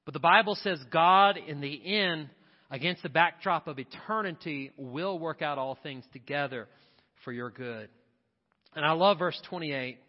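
Man, pastor, high voice, impassioned sermon, repeated refrains, church sanctuary, long hall reverb. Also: measured pace, highs cut off.

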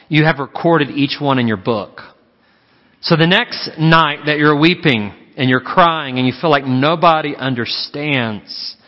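A man preaching a sermon as pastor, slowing down to stress key phrases. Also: on the high side. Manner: preaching with slow, emphatic pauses on key phrases. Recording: muffled with long hall reverb.

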